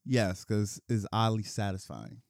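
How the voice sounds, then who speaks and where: Podcast co-host, male, casual chatter with big swings in pitch, dry close mic. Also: measured pace, creaky, dry recording. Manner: animated, acts out quotes in high shrieks, laughs often.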